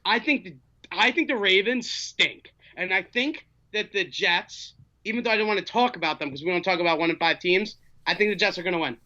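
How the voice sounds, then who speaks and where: A man hosting a casual sports talk show, playful and halting, with many fillers. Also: sits high, bright, forceful tone, highs cut off. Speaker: host.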